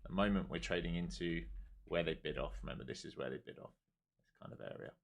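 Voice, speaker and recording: A man streaming his day trading live, talking through charts calmly and then groaning and swearing at the market when it moves against him. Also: sits low, quick pace, vocal fry. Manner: swings from calm chart talk to exasperated outbursts at the market.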